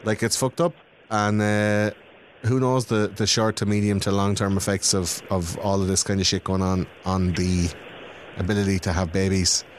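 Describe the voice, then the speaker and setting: Guy rambling on a podcast, low voice, bit of noise behind, swears a lot. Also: little pitch movement, moderate pace. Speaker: podcast guest. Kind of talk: casual chat.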